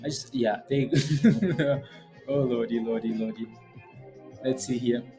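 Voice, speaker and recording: A man's voice: medium pitch, slow, over music. A man hosting a live day-trading stream, chatting and joking over stock charts and tagging "right?" onto many lines. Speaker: day trading livestream host.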